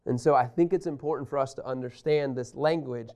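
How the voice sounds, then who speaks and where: A man teaching a Bible lesson, reading scripture aloud and explaining it in an emphatic, animated way that speaks straight to his listeners. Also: medium pitch, brisk.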